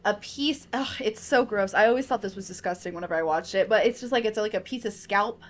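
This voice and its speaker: A woman guest on a horror podcast, chatting casually about a movie, animated and full of "like". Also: medium pitch, fast talker. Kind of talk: casual movie review chat.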